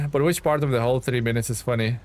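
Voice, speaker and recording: A man's voice: mid-range voice, a little fast, darkish tone. A male game streamer with a mid-range voice who chats loosely with his viewers as he plays. He laughs often and pokes fun at his own mistakes in a playful, self-mocking way. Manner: chats with viewers while playing. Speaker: gaming streamer. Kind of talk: casual live game commentary.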